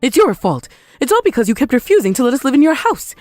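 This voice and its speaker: Woman acting older mother-in-law, self-pitying, blaming, higher voice, very animated. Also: no room sound, clean studio sound, soft background music. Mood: defiant. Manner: defiant, self-pitying, quick to blame. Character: shameless older mother-in-law, blames others. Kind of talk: dramatized story voice acting.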